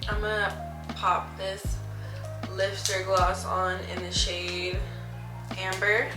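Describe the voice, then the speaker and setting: A woman's voice: mid-range voice, level tone, slow. A young woman in her twenties chatting casually in a rambling way while doing her makeup. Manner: chatty, rambling, many fillers. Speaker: beauty vlogger. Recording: echoey room with faint music.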